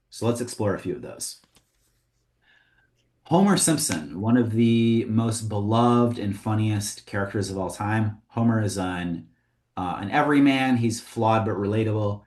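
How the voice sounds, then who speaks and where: A man teaching comedy writing in a casual, conversational way, often pausing with "um" and "like". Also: fairly low pitch. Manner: conversational, with frequent ums and likes. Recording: roomy echo.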